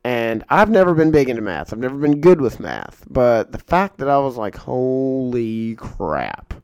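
Frank, rambling male podcast host; smooth, resonant voice in a dry room. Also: mid-range voice, big pitch swings, brisk, a little mellow, dry recording. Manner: rambling, filler-heavy, frank. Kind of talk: casual storytelling monologue.

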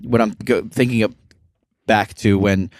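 A man co-hosting a podcast, chatting about a film in a relaxed, hesitant way, with lots of "um" and "like". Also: fairly low pitch, measured pace, no echo, studio quality. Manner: relaxed, hesitant, with many fillers and likes. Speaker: podcast co-host. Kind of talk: casual movie review chat.

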